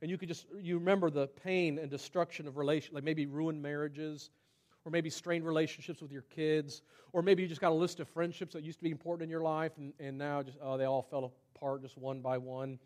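Conversational male preacher, fairly high voice. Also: flat delivery, a little fast. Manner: conversational preaching, rising to emphatic peaks and dropping to hushed asides. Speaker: pastor. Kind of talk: sermon.

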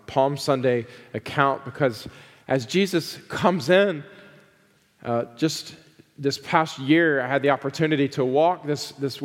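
Fervent preaching man, echoing sanctuary. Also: on the high side. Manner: builds to fervent, drawn-out emphasis on praise; conversational asides with frequent "uh" fillers. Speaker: pastor. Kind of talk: sermon.

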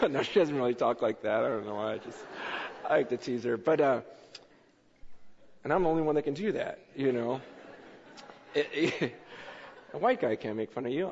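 A pastor preaching with lively, repetitive storytelling, his voice sitting a little high for a man. It sounds muffled, with a long reverb as if from a large church hall. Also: normal speed, long pauses. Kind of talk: sermon.

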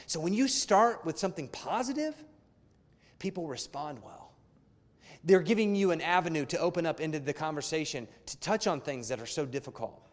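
Guy pastor preaching, kinda high voice, chatty with family stories, long echo in the church. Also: animated, brisk. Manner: conversational preaching with personal stories. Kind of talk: sermon. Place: church hall. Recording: long hall reverb.

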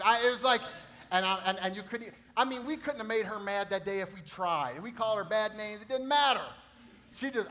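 A man preaching a sermon, repeating phrases and swinging from loud bursts to hushed tones. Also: sits high, a little fast, a little hiss or hum. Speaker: pastor.

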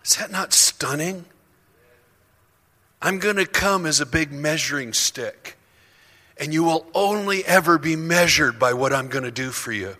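Pastor, male, bright forceful delivery, impassioned sermon, long hall reverb. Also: fairly high pitch, a little slow. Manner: impassioned, rising to near-shouts.

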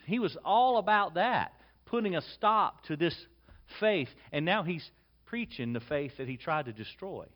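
A man preaching a verse-by-verse sermon. He reads scripture and prays softly, then explains the text in a relaxed, conversational way. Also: a little high, measured pace. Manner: soft, hushed prayer. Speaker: pastor. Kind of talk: expository sermon.

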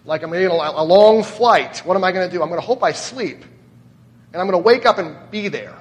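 High-voiced pastor preaching in a hall. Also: male voice, expressive, a little fast. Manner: conversational, asks the congregation questions. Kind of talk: sermon. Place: church.

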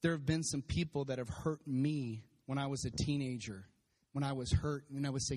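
A man's voice: medium pitch, steady tone, moderate pace, mellow. A man in his forties preaching a sermon as pastor, emphatic, repeating refrains and laughing at times, recorded in a church. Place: church sanctuary with congregation. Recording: long hall reverb.

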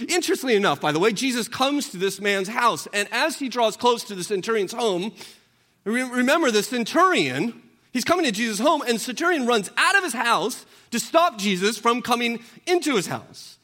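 A man's voice: very high voice, expressive, moderate pace, pushed and bright. A man preaching a sermon conversationally, asking the congregation questions, acting out quoted voices, stumbling and repeating words as he goes. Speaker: pastor. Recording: long reverb of a large hall.

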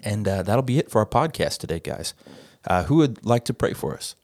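A man's voice: on the low side, big pitch swings, fairly quick, darkish tone, no echo, clean studio sound. A man hosting a casual podcast chat, laid-back and laughing between phrases. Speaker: podcast host.

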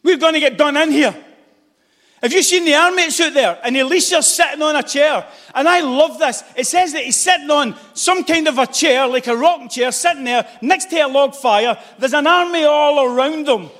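A man with a strikingly high voice delivers a fervent sermon, driving his points home with repeated calls and exclamations. His voice rings out in a large hall, trailed by a long, echoing reverb. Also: fairly bright tone. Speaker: preacher.

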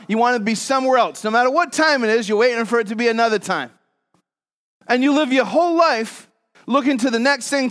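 Scripture and joking stories from his own life fill this pastor's conversational sermon. His male voice sits high, and he alternates between loud passages and soft ones.

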